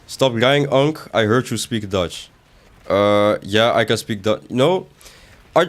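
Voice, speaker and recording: A young man in an unhurried, expressive mid-range voice commentates his live video game stream. He casually reads chat and jokes with viewers, his voice rising sharply when he protests.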